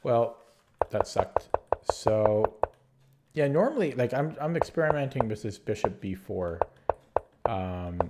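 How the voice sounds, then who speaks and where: In a very noisy recording, a man with a lowish voice talks slowly. He sounds nasal and stuffed up from allergies as he plays online chess, hesitantly murmuring his moves to himself in thinking-aloud commentary.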